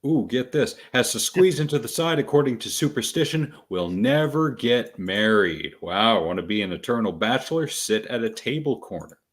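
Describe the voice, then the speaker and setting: A man co-hosting a casual podcast, reading out superstitions with deadpan, sarcastic asides. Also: mid-range voice, normal speed, few pauses. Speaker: podcast co-host.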